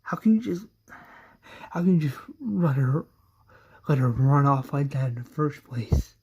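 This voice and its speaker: A man voicing a grieving mother whose young daughter is lost, pleading in a high, tearful voice. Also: little pitch movement, normal speed, darkish tone, muffled recording, close to an everyday voice. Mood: frantic. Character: frantic grieving mother, woman, middle-aged.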